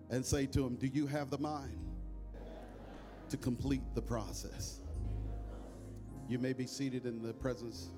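With music playing behind him on a live church mic, a male bishop sings worship lines, holding long high notes, and leads the room in call and response. Then he preaches a sermon to the congregation.

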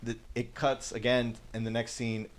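A man co-hosting a podcast gives a casual movie recap, rambling loosely through the plot, swearing freely and acting out the lines. His mid-range voice is monotone and delivered at normal speed.

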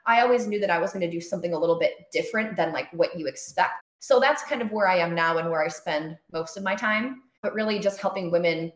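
A woman's voice: lowish voice, fast, hardly any pauses, echoey room. A young woman physical therapist, a guest in a casual interview, talking with energy and lots of fillers. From Florida. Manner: enthusiastic, chatty, many fillers like "like" and "kind of".

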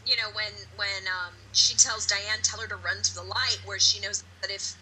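A woman co-hosting a horror podcast in casual chat, animated and gushing, with some swearing. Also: medium pitch, moderate pace, slight background noise, poor audio. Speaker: podcast co-host.

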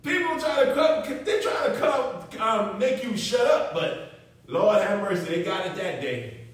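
A male preacher with a high, lively voice, swinging widely in pitch as he drives his points home. He preaches in an emphatic, conversational way, calling out to the congregation. The sound is roomy and echoing, picked up from a distance. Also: measured pace. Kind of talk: sermon. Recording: echoey room, mic far off.

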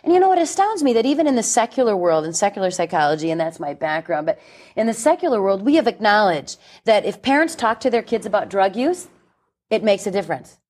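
A woman's voice: mid-range voice, fast. A woman in her forties, a chastity speaker, talking bluntly and emphatically as a guest in a radio interview. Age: 40s. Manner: emphatic, blunt, animated preaching tone.

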